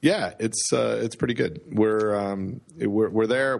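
A man's voice: fairly low pitch, a little slow, gravelly. A Canadian man co-hosting a podcast, chatting casually and rambling with self-deprecating jokes. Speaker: podcast co-host. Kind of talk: casual chat.

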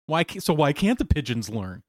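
A man co-hosting a casual chat, playful and quick to joke, in a small room. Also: a little high, no echo, clean studio sound. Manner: playful, animated storytelling with laughs. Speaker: podcast co-host.

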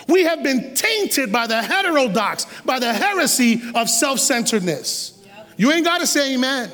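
A middle-aged man preaching a sermon as a guest preacher, animated and streetwise, acting out quotes with humor. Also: very high-pitched, moderate pace, big-room sound. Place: church sanctuary.

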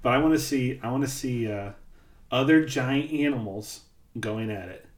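A laid-back man co-hosts a casual podcast in a roomy, echoey space. His voice sits at a middle pitch, and he talks in an easygoing way with a ready laugh. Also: normal speed. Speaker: podcast co-host. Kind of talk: casual chat. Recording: roomy echo.

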